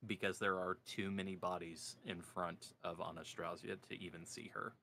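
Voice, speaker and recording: Casting: a deep-voiced male game master, forceful tone, tabletop narration. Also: level tone, normal speed, a little hiss or hum.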